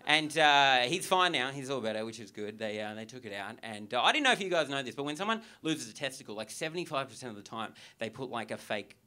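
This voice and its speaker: A man's voice: mid-range voice, lively intonation, fast, few pauses, pushed and bright. Chatty Australian man doing stand-up. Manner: chatty storytelling with frequent "like" and "right?" asides. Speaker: stand-up comedian. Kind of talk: stand-up comedy set. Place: theatre comedy club with a live audience. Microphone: stage microphone. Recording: live stage recording with audience noise.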